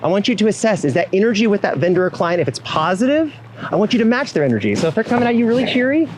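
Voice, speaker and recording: Racing along in a high voice, a man delivers a motivational keynote to event professionals over poor audio with a little hiss or hum. He speaks directly to listeners, makes frequent asides, and animatedly performs the quoted voices of clients and inner thoughts.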